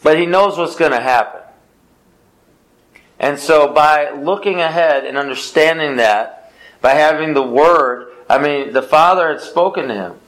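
A man teaches a small Bible study group in a fairly high voice. He stresses his points by repeating phrases, restarting his sentences and asking questions that he answers himself. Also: measured pace, fairly bright tone, low-quality recording. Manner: repetitive, emphatic, answers his own questions.

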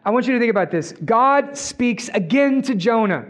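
A man's voice: very high voice, expressive, moderate pace, a bit bright. A man preaching a sermon in a conversational way, often checking in with the audience. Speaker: pastor. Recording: dull, muffled sound.

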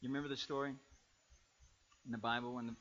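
A man, a pastor, preaching a sermon with dynamic swings from loud bursts to quiet asides. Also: mid-range voice, level tone, quick pace. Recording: dull lo-fi recording.

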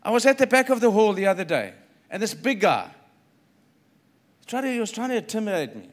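A man's voice: high voice, big pitch swings, a little fast. A man preaching a sermon as a pastor, emphatic and repeating phrases, acting out the quoted dialogue in his story.

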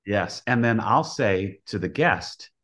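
A man who coaches softball, a guest on a podcast, explaining things in a plainspoken way. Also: on the low side, animated, slow pace. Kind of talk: casual podcast interview.

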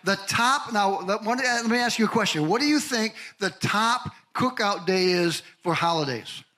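An older male pastor preaching a lively sermon, telling stories and asking the congregation questions. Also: high voice, moderate pace, poor audio. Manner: animated storytelling, asks the congregation questions.

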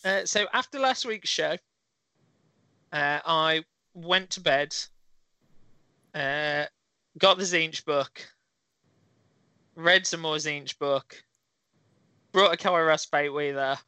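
An eager man chats casually in a bright, forceful voice that sits a little high. He pauses often on fillers, and the recording is dry and close. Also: clean tone, no echo. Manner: enthusiastic, halting with fillers. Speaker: podcast co-host. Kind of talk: casual chat.

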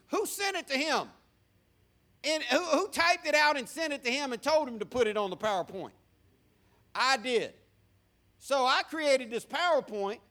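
A man's voice: very high voice, a bit bright. A male pastor preaching a sermon in a church, asking the congregation questions and repeating words for emphasis. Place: church sanctuary.

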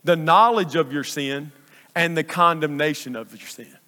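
A man's voice: fairly high pitch, normal speed, sharp tone. A male pastor preaching a sermon in a church sanctuary, emphatic and repeating phrases for stress. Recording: long reverb of a large church hall.

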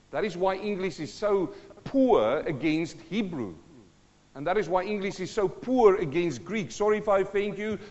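A man preaching a sermon from the front of a church, emphatic, swinging between hushed asides and loud bursts. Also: high voice, in a large hall, lo-fi sound. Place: church hall.

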